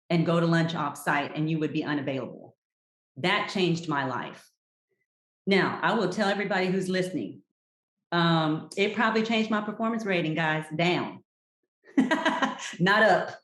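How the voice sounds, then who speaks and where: A woman, a health coach guest on a podcast, giving advice in an emphatic, direct and encouraging way. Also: fairly low pitch. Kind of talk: casual chat, giving advice. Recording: roomy echo.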